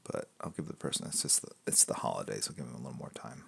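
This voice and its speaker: A man hosting a live drawing stream, chatting in a relaxed, rambling way and answering viewer questions, often dropping to a soft mutter. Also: extremely low pitch, fast, vocal fry, slightly rough. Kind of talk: casual chat with viewers while drawing.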